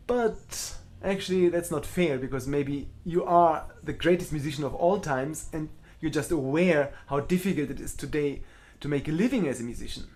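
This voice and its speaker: Man, middle-aged, cellist, live Q&A, slightly high voice, candid, self-mocking. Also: normal speed, few pauses, darkish tone. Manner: candid, self-deprecating, blunt. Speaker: cellist answering viewer questions. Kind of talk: live online Q&A.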